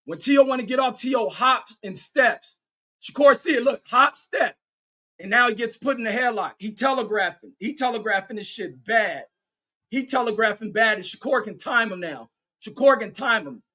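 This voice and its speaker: A man with a high voice calls a boxing match live as a fan commentator. He is excitable and profane, shouting encouragement at his favorite fighter. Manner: reads viewer chat aloud.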